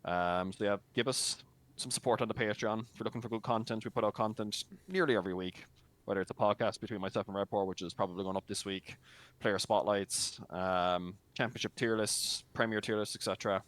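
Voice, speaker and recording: A man's voice: fairly low pitch, fairly even intonation, a little fast, a bit bright. A man co-casting a match, giving blunt, teasing post-match commentary with lots of fillers. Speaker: esports co-caster and league admin.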